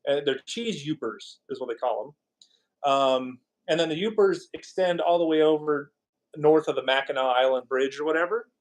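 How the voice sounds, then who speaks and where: Male streamer, somewhat high voice, loose and rambling, jokes with his chat. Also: normal speed. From California. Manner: rambling and jokey, reacting to chat. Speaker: podcast host. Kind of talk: casual live-stream chat.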